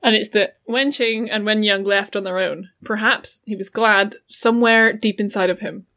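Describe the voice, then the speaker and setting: A woman's voice: medium pitch, fairly even intonation, moderate pace, bright, forceful tone. Woman reading and reacting casually. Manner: reads passages aloud, then reacts with enthusiasm. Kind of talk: casual book-club chat.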